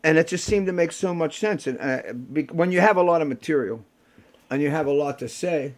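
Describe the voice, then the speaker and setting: An older man, a rock musician bantering with the audience between songs and telling stories in a salty, rough-edged way. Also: fairly high pitch, fairly quick. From Pittsburgh. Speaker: rock musician performing a solo show.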